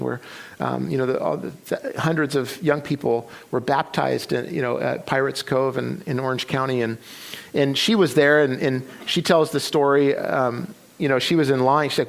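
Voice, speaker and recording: A middle-aged pastor delivers a sermon in a casual, storytelling way. His voice sits a bit high and has a gravelly edge. He acts out the dialogue as he goes and often restarts his sentences. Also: normal speed. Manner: conversational, retelling a story with quoted dialogue and many restarts. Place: church.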